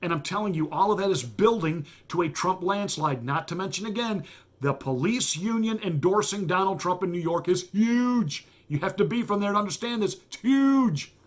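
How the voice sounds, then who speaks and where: A man's voice: high voice, lively intonation, moderate pace. A man, a pastor who hosts his own show, delivering a combative and mocking political commentary monologue with heavy emphasis.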